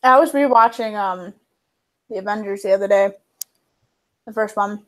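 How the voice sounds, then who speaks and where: A woman's voice: mid-range voice, moderate pace, fairly bright tone. A young woman chatting on a livestream while she edits video, telling stories with lots of laughs and quoted lines. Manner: bubbly storyteller, laughs often, acts out quotes. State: chewing cookies. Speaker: livestream co-host. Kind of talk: casual chat while video editing.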